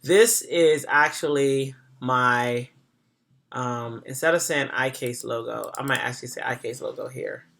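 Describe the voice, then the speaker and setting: A design instructor talking through a software tutorial in a casual, chatty way, thinking aloud and correcting themself as they go. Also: medium pitch, a little slow, gravelly.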